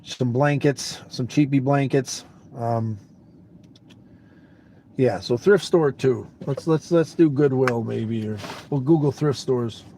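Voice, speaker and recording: A man's voice: a little high, a little mellow, slight background noise. Groggy, rambling man vlogging on the road. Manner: rambling, laid-back, repeats words, swears casually. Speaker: traveling vlogger. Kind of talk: casual chat to camera.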